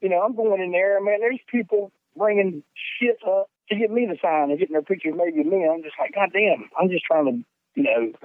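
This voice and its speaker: Southern man, guest on a call, high-pitched and animated, dry tinny phone sound. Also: a little fast, dry recording. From North Carolina. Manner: animated, profane, laughs mid-story. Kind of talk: casual storytelling.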